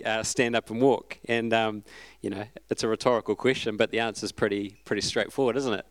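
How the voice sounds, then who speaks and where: A man preaching a sermon in a relaxed, conversational, storytelling way. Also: medium pitch, clear, resonant tone, no echo.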